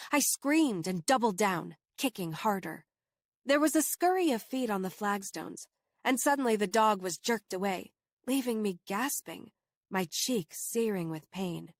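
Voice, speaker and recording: Brief: female audiobook narrator, mid-pitched, dry close sound, measured first-person telling. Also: no echo. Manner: steady, measured storytelling.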